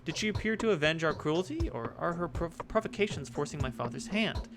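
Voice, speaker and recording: A man reading the lines of a suspicious young nobleman heir from a game, in his own gravelly voice. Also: fairly high pitch, animated, fairly quick, pitched above the performer's own voice. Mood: brooding. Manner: reads game dialogue aloud in his own voice.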